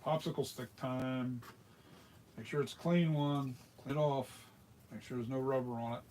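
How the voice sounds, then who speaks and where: A man's voice: medium pitch, steady tone, moderate pace, darkish tone, slight background noise. Chatty American man giving a workshop tutorial. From United States. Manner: chatty and rambling, with frequent restarts. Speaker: mask maker demonstrating. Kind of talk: hands-on tutorial, casual chat.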